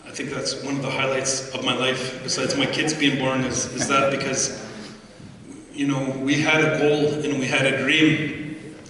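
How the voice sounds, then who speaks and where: A man's voice: medium pitch, flat delivery, moderate pace, sharp tone. A middle-aged man giving a storytelling speech to an audience, humorous and anecdotal, retelling conversations as dialogue. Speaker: speaker at a community assembly. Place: large hall. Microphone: far room microphone. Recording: echoey hall from far off, faint crowd and noise.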